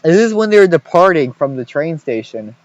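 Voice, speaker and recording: A young man hosting a casual podcast, reading diary entries with lots of jokes and swearing. His voice sits a touch high for a man, and he trips over words as he rambles. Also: big pitch swings, a little fast, muffled recording. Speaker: podcast co-host. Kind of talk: casual podcast chat, reading diaries aloud.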